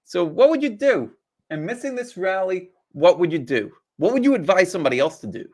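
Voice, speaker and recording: A man's voice: high voice, big pitch swings, quick pace, a little mellow. A man hosting a live trading stream, chatty and casual, asking rhetorical questions and greeting viewers as they join.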